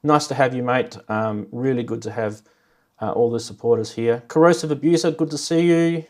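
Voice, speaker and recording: A man's voice: medium pitch, normal speed. A man with an Australian accent hosting a casual livestream, cracking corny jokes and greeting viewers by name. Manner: jokey, rambling, greets chat by name. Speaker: livestream host.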